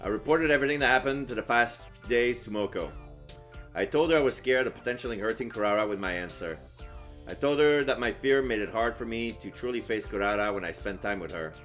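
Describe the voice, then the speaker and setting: A man's voice: mid-range voice, a little fast, fairly bright tone, faint music behind. A man streaming, reading a story game aloud with earnest, lightly wry narration. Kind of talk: reading a visual novel aloud.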